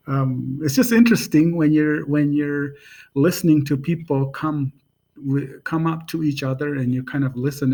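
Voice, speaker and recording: A man teaching a language in a casual spoken lesson, unhurried and hesitant, with many pauses and fillers. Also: on the high side, gravelly, darkish tone, slightly rough.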